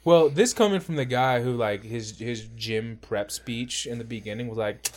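A man co-hosting a casual podcast, telling profane stories with animated retellings. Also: normal speed, few pauses. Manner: acts out quotes with big pitch jumps. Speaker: podcast co-host. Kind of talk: casual chat.

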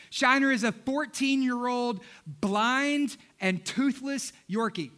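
With a very high-pitched, sharp voice, this pastor preaches in church through humorous storytelling. He addresses the congregation straight on.

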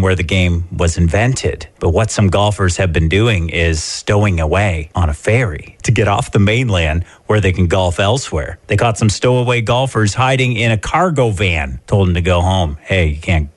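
A man's voice: low-pitched, no room sound. A middle-aged man co-hosting a talk show, telling stories in a dry, matter-of-fact way. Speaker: radio co-host. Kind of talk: casual morning show banter.

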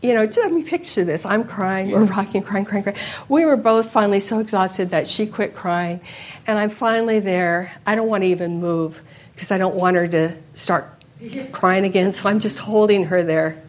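A woman's voice: mid-range voice, normal speed. A middle-aged woman giving a personal faith testimony to an audience, storytelling with repeated phrases for emphasis. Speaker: speaker at a Christian retreat.

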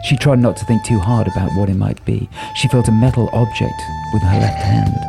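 A man narrating an audiobook in a measured, unhurried storytelling manner. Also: fairly low pitch, steady tone, creaky. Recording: narration over music.

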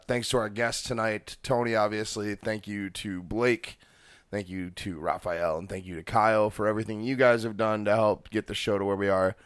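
Host, male, US-born, lowish voice, casual and salty, dry close mic. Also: clean tone, dry recording. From United States. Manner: loose, profane banter. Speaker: podcast host. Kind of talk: casual podcast chat.

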